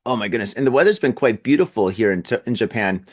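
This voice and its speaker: A man's voice: mid-range voice, lively intonation, fast talker. Rambling, chuckling male podcast host. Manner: rambling, repeats words, chuckles often. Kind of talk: casual solo podcast monologue. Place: at home in an apartment building.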